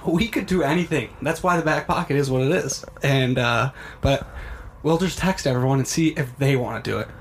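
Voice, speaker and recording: A man's voice: mid-range voice, fairly quick, slight background noise. A young man co-hosting a podcast, talking in a casual, rambling and upbeat way that often breaks off mid-word. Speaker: podcast co-host. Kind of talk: casual chat.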